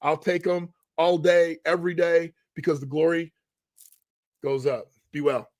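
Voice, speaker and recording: A middle-aged man hosts a motivational live stream as a money coach, and his voice sits a little high for a man. He is punchy and emphatic and stacks repeated phrases. The sound is dry and close. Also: level tone, a little slow, a little mellow, dry recording. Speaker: money coach and show host.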